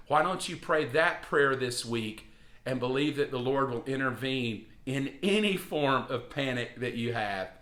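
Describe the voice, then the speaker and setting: Pastor type, man, bright and forceful, encouraging sermon delivery, echoey room. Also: animated, a little slow. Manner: earnest, encouraging, rising emphatic pitch. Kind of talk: devotional sermon.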